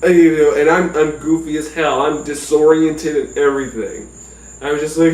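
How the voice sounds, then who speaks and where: A man telling a personal story in a casual, profane, animated way. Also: moderate pace. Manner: animated, profane, jumps into high yelps. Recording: roomy sound from a distant mic.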